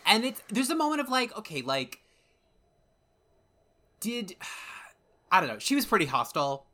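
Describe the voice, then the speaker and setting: A man co-hosting a podcast talks through a film in animated, joking chat. His voice is bright and forward, and he slips easily into quoted lines. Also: sits high, moderate pace. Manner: animated, jokey, breaks into an impression of a character. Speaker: podcast co-host. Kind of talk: casual chat about a film.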